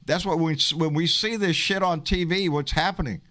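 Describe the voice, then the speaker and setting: Older Texan host, blunt, cussing, fired-up chat on a video call. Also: male voice, fairly high pitch, normal speed. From Texas. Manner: blunt, profane, animated, calls people baby. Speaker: livestream talk show host. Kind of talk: casual political chat.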